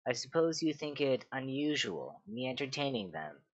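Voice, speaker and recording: A man's voice: medium pitch, sing-song, moderate pace, no room sound, pitched above the performer's own voice, close to an everyday voice. A man voicing a proud, scheming queen mother who speaks in a haughty, cutting way, in a dull, dry recording. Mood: imperious.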